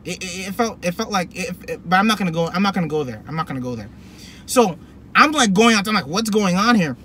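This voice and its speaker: A young man telling a personal story to camera in a rambling, animated way, full of fillers and restarts. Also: high-pitched, quick pace, slight background noise. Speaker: vlogger. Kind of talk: casual storytelling.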